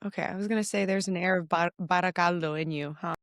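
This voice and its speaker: A woman co-hosting a podcast in a casual chat, breaking in with jokes and quick asides. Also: on the low side, fairly even intonation, no room sound. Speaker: podcast co-host.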